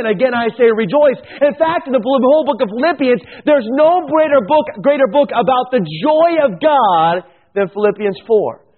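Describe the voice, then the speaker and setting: High-voiced man preaching over tinny audio. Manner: emphatic preaching, repeats key phrases, drawn-out stresses. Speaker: pastor. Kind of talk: sermon.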